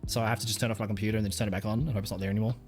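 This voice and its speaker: A man's voice: fairly low pitch, little pitch movement, racing, a little mellow, soft background music. A man from Australia with an Australian accent, rambling crudely on a casual livestream and laughing often. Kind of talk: casual stream chat.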